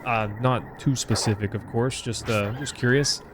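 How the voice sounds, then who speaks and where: A man's voice: medium pitch, steady tone, moderate pace, slight background noise. A man with a Southern US accent streaming a retro game, chatting casually and rambling to his chat with many fillers. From Southern United States. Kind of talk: casual live-stream chat while gaming.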